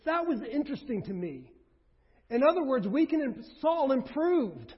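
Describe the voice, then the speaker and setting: A pastor preaching a sermon, emphatic, with rhetorical questions, swinging between loud and hushed. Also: male voice, very high-pitched, very animated, unhurried. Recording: reverberant hall, dull lo-fi sound.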